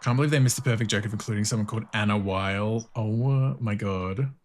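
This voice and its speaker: A man's voice: on the low side, a little fast, slight background noise. A man streaming a video game, chatting casually, swearing often, laughing and greeting viewers in chat. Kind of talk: casual commentary while playing.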